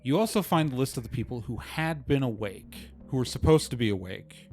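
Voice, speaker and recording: A man's voice: medium pitch, expressive, a little fast, a little mellow, faint music behind. A man running a tabletop role-playing game as game master, explaining the scene and the rules while thinking aloud.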